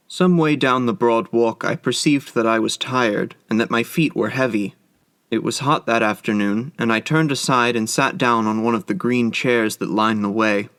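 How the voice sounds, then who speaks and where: A man narrating a classic story as an audiobook in a measured, reflective way. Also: mid-range voice, a bit bright, no room sound, clean studio sound.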